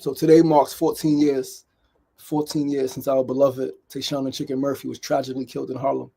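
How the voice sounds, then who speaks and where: Gravelly New man preaching hard. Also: mid-range voice, little pitch movement, fairly quick, mellow. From New York City. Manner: emphatic, repetitive, keeps asking "right?". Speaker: host. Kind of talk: motivational daily talk.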